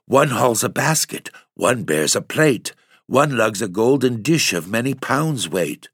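Man doing a wide-eyed young girl, eager and breathless-ish hush, lively ups and downs. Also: low-pitched, husky, no echo, studio quality, full character voice. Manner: urgent hushed pleading. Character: curious young maiden, eager and wistful.

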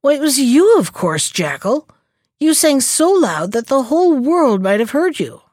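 A woman's voice: high-pitched, very animated, unhurried, a little mellow, no echo, clean studio sound, voice pushed up. A woman voicing plain-spoken diggers in a storybook, matter-of-fact.

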